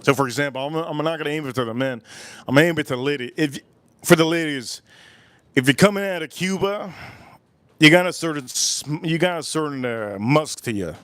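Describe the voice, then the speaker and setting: A man with a slightly high voice hosts a live cigar review and rambles in loose, repetitive chat, slipping into quoted voices as he goes. His sound is dry and close, with no room around it. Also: a little fast, fairly bright tone, no room sound. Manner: rambling, repeats phrases, acts out quoted voices. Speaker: cigar review livestream host. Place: Miami.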